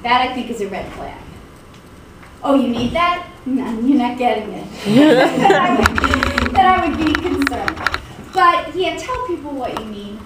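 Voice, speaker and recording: A middle-aged woman teaching a college class in a lively way, acting out quoted voices and laughing often. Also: fairly high pitch, far from the mic, very noisy. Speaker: college instructor. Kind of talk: classroom lecture. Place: lecture hall. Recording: echoey classroom recorded from afar.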